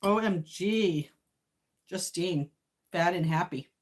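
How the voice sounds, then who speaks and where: A woman's voice: lowish voice, slow. A woman hosting a casual livestream, chatting and greeting viewers while eating. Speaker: livestream host.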